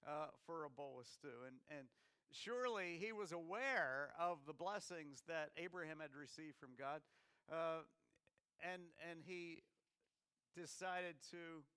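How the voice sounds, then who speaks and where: A man's voice: fairly high pitch, sharp tone, clear, resonant tone, no echo. An American man preaching a conversational sermon with many restarts and questions to the congregation. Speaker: pastor.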